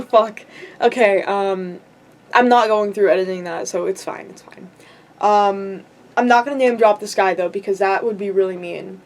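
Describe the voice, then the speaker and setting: Rambling young woman, storytime vlog. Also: a little high. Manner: rambling, giggly, lots of likes and ums. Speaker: vlogger.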